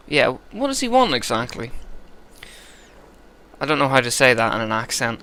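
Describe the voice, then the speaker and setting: A man's voice: mid-range voice, very animated, normal speed, pauses often, sharp tone. A tipsy man narrating a story game, joking and rambling between lines. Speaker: let's-play narrator.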